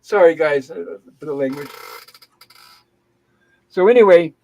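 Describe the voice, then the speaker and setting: A high-pitched man hosting an open-mic livestream. He tells his story in an animated, indignant way, venting as he goes, in a loose conversational style. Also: measured pace, dull audio. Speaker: livestream host. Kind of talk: casual storytelling chat. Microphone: home livestream setup.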